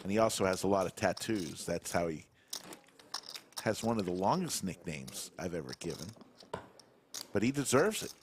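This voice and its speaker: A man's voice: low voice, big pitch swings, moderate pace, long pauses, slight background noise. A man doing live poker commentary, playfully telling stories about the players at the table.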